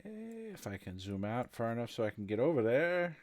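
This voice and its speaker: A man narrating as game master of a tabletop game, unhurried and conversational. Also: medium pitch, very animated, darkish tone, dry recording.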